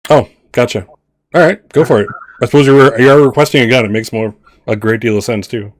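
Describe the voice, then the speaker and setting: A man's voice: medium pitch, a little fast, no echo, studio quality. A man narrating as game master in a tabletop role-playing game, laughing often.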